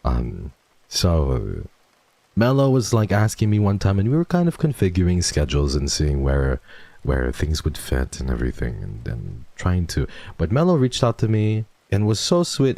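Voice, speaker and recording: A man with an extremely deep, gravelly voice, chatting casually with his livestream viewers. He teases and swears freely, lurching from loud bursts to quiet murmurs. His tone is dark and mellow, recorded close and dry. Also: wildly swooping pitch, normal speed, no room sound. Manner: playful and teasing, swings between loud bursts and hushed murmurs. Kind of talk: casual livestream chat, reading donations.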